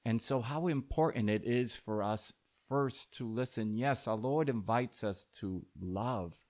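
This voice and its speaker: A man preaching a sermon as a priest, speaking slowly and deliberately, building to dramatic rises when he tells a story. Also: mid-range voice, a little mellow.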